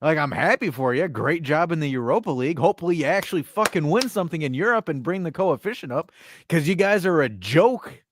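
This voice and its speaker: A man's voice: on the high side, animated, brisk. A man co-hosting a casual sports podcast, talking brash, profane trash talk. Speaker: podcast co-host.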